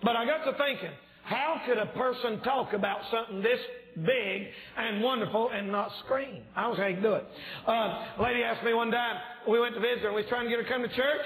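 Male revival preacher, shouting fervent delivery, slightly strained voice, echoey church room. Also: extremely high pitch, fairly quick. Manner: yells and shouts when preaching. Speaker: evangelist preacher. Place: church sanctuary.

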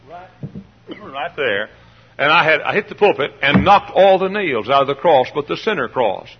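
Impassioned husky preacher, man. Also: mid-range voice, lo-fi sound. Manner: impassioned, hollers and pounds the pulpit, mimics voices. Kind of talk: sermon.

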